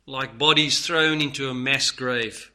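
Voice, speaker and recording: A man preaching a sermon, earnest, moving between loud stresses and hushed lines. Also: mid-range voice, steady tone, a little slow.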